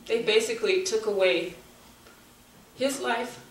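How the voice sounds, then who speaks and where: A middle-aged woman giving heartfelt public testimony at a community forum, speaking earnestly and haltingly, at times turning forceful. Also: mid-range voice. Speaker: bereaved mother speaking at a forum. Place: community meeting room. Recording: echoey room, from far off, faint noise.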